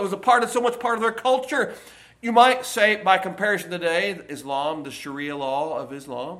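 A man preaching a sermon from the pulpit in a church, emphatic, with loud stressed phrases and quiet asides. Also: high-pitched. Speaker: pastor.

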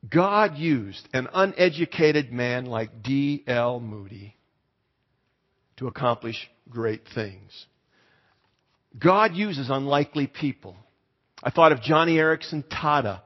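A male pastor tells stories to his congregation in a relaxed, conversational way, at a middling pitch. His voice carries through a long-reverb church hall, and the sound is slightly dull. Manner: conversational, asks the congregation to raise hands. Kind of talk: storytelling sermon.

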